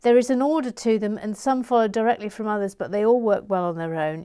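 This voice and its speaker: A woman's voice: medium pitch, fairly quick, hardly any pauses, dark tone, smooth. A woman building a Lego set on a video stream, chatting casually and reading viewers' comments aloud with frequent laughs. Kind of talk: casual chat while building.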